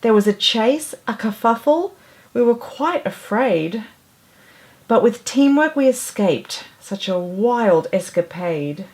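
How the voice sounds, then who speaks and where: A woman voicing a sweet, kind and excitable little female mouse in a storybook reading. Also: fairly high pitch, slow. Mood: eager.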